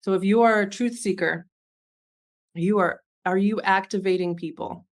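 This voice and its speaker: A woman's voice: mid-range voice, fairly even intonation, moderate pace. Earnest woman coaching from the heart. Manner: earnest, heartfelt, speaks straight to the listener. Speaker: business coach. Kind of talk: motivational coaching talk.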